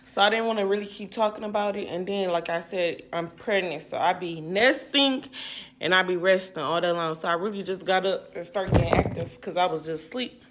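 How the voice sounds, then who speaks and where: A woman's voice: on the low side, fairly quick, a bit bright, slight background noise. A young woman telling her own painful story in casual, emotional talk, rambling and repeating herself with many fillers.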